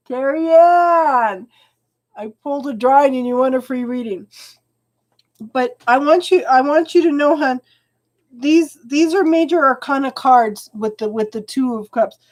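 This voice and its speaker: Her voice is high and her speed normal as this woman reads tarot live and chats with viewers. She is warm, calls everyone hon, and gets teary and emotional about the cards.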